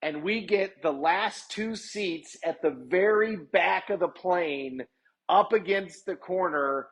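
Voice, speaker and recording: A man's voice: high voice, slow pace, a bit bright. A man, a lawyer, telling a personal story in a casual way. He is chatty, fills the story with "I'm like" asides, and acts out the people he quotes. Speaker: lawyer sharing personal stories.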